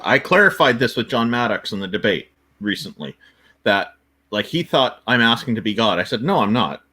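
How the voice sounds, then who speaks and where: A man's voice: fairly low pitch, lively intonation, moderate pace, sharp tone. A man co-hosting a casual livestream chat, explaining his point earnestly and at length. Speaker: co-host.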